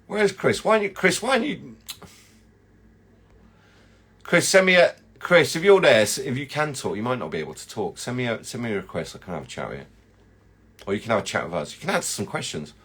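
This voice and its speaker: A man's voice: mid-range voice, animated, fairly quick, long pauses, fairly bright tone, breathy edge. A man, a chocolatier hosting a casual live chat and rambling through viewer comments.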